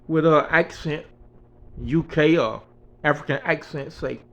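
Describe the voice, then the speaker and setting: A man's voice: fairly high pitch, measured pace, vocal fry, a bit bright, highs cut off. A man in his sixties, an author, telling a spiritual story in an earnest, conversational way. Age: 60s.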